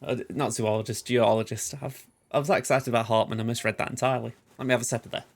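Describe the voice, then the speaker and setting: A man's voice: medium pitch, flat delivery, quick pace, creaky. A young man casually commenting while playing a video game, chatty and self-deprecating. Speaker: let's play host.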